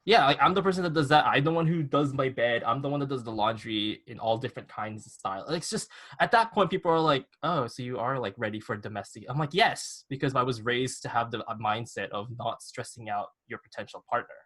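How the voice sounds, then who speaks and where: A man's voice: mid-range voice, fast, a bit bright. A man co-hosting a casual podcast chat, laughing often and mimicking other people's voices in his quotes. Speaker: podcast co-host. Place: studio.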